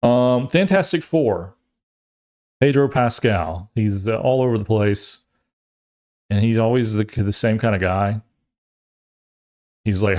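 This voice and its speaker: A young adult man hosting a podcast, chatting casually and rambling, jokey and animated, often restarting his sentences. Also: on the low side, slow pace, long pauses. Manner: animated, acts out quotes in funny voices. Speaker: podcast host. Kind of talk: casual chat.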